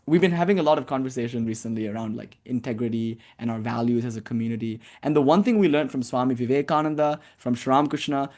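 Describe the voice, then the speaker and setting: A male spiritual teacher gives a casual lecture in a slightly high voice. He is animated and blunt, drops the odd swear word and acts out his examples.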